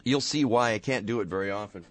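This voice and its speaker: A man hosting a radio talk show, hoarse and playful, joking with his co-host and callers in the studio. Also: lowish voice, quick pace. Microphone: studio microphone.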